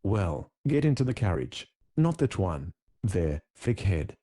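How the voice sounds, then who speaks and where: A man doing a gruff, deep German colonel. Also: sing-song, measured pace, exaggerated voice. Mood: curt. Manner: curt, sharp, commanding. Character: gruff stern male German army colonel.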